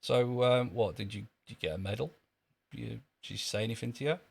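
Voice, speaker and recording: A man's voice: mid-range voice, brisk, creaky, breathy edge. A man chatting dryly and sarcastically on a live stream from an outdoor queue. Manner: dry, sardonic, joking. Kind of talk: casual live-stream chat.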